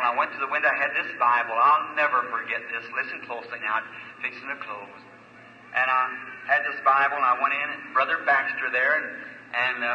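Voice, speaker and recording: A man's voice: mid-range voice, dull audio, a little hiss or hum. A man preaching a sermon, telling a story and retelling conversations line by line, with frequent "I said" and "See?". He speaks live in a large meeting hall. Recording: echoey old live hall recording.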